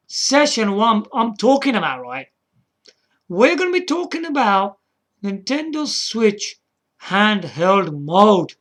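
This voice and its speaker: A man chats his way through a gaming video at an unhurried pace, his voice bright and a little sharp. He rambles, restarts sentences and keeps tossing "yeah?" and "man" at the viewer. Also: high voice. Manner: frequent restarts and chuckles. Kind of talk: casual rambling commentary.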